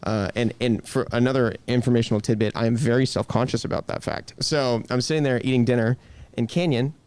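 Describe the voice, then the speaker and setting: A man's voice: medium pitch, steady tone, a little fast, a little mellow, clear, resonant tone. A man, a guest on a podcast, telling a story in a casual, joking, self-deprecating way.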